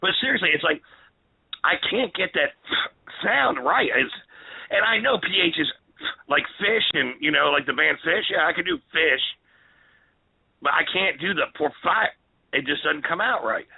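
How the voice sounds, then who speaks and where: A man co-hosting a radio talk show, his voice husky and gravelly as he jokes around in loose, animated banter. He swings his pitch up and down and laughs easily at his own stumbles. The sound is dry and tinny, like a thin lo-fi radio stream. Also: moderate pace, dry recording. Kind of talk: joking casual radio banter.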